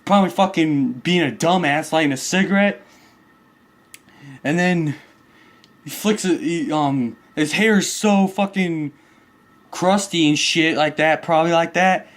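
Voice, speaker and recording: A man's voice: on the high side, a little slow, pauses often. A man hosting his own video channel, delivering an angry, crude, swear-filled rant about a neighbor. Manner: crude, heated, swearing constantly.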